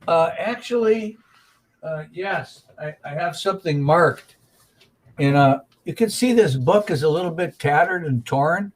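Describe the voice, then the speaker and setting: Higher-voiced man telling folksy stories. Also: lively intonation, measured pace. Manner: folksy storyteller reading old jokes aloud. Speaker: podcast co-host. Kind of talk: casual podcast chat.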